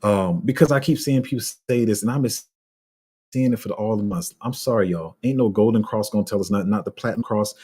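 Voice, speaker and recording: Crypto streamer, male, deep husky voice, blunt and fed up, lots of restarts. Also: quick pace, warm tone. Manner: frank and exasperated, heavy slang, many restarts. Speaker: crypto YouTuber reading live comments. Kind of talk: casual livestream rant.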